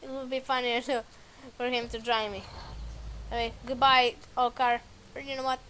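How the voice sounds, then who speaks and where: A woman giving excited gameplay commentary who taunts enemies and keeps exclaiming. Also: fairly high pitch, moderate pace, a little hiss or hum. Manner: frequent exclamations and repeated words. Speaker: gameplay video maker. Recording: music playing loud behind voice. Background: background music and game sounds.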